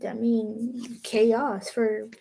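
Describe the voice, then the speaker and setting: A young woman giving a casual tarot reading, talking slowly and musing, often trailing off and restarting her sentences. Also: a little high, level tone, creaky, heavy background noise. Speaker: tarot reader.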